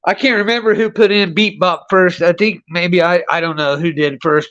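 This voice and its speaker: A man's voice: high voice, steady tone, normal speed, a bit bright. Profane, rambling man on a lo-fi stream. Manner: laughing often, profane and rambling. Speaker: co-host. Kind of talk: casual live-stream chat.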